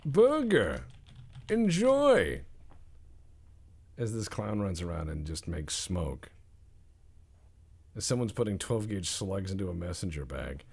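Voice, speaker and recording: A man with a gravelly, husky voice talks through his gameplay in a loose, rambling way. His pitch swings widely, from low deadpan mutters up to loud bursts. He sits a little low for a man. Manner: jokey, deadpan asides with sudden loud outbursts. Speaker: gameplay commentator.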